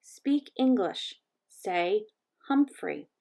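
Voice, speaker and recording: Woman doing a shy quiet little girl, soft and gentle, storybook read-aloud. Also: fairly high pitch, moderate pace, lightly acted. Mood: coaxing. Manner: gentle, hushed. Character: shy, soft-spoken schoolgirl.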